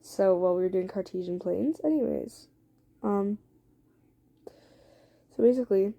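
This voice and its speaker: A woman casually narrating an improvised story to her viewers in a rambling, chatty way, swearing and filling pauses with "um.". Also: mid-range voice, creaky, dull audio. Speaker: storyteller for listeners.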